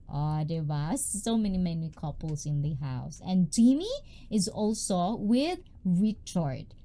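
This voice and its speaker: Bubbly woman streaming live. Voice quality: high-pitched. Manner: loud, bubbly, chatty, greets viewers by name. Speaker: livestream host. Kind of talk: casual livestream chat.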